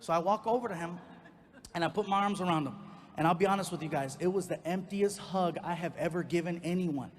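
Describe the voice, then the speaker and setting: High-voiced comedian on a reverberant stage. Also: male voice, a little fast. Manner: animated, acting out quoted people in the story. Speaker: stand-up comedian. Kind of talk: stand-up storytelling. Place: comedy stage before a live audience.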